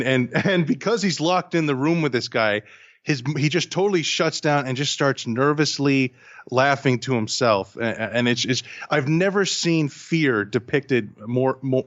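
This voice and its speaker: Rich: A man of middle pitch talks through a film scene by scene with enthusiasm, repeating words as he thinks. His podcast mic sounds muffled and lo-fi. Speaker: podcast co-host. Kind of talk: casual film review chat.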